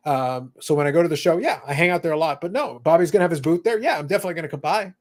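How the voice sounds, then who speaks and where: A man's voice: fairly high pitch, racing. A man hosting a hobby podcast in casual chat, reading viewer comments aloud between thoughts. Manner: chatty, reads viewer comments aloud, many fillers. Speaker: podcast host.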